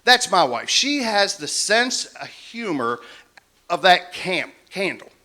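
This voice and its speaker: Stand-up comic in his fifties, folksy and self-mocking, bright and bouncy delivery, club stage mic. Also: high-pitched, sing-song, slow. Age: 50s. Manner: folksy storytelling, self-deprecating. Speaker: stand-up comedian. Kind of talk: stand-up comedy set.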